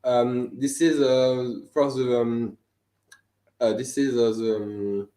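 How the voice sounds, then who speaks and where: A man's voice: mid-range voice, little pitch movement, dark tone, echoey room. A young man from France with a French accent, a native French speaker, being interviewed about his student film and searching for his English words. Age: young adult. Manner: halting, searching for English words, laughs often. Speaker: guest filmmaker, animation student. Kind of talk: live video interview. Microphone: video call.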